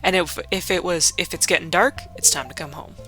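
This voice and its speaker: A woman's voice: fairly low pitch, fairly even intonation, brisk, over music. A young woman hosting a laid-back game playthrough, rambling and swearing, full of fillers. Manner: rambling, profane, full of likes. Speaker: let's play host. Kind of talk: casual gaming commentary.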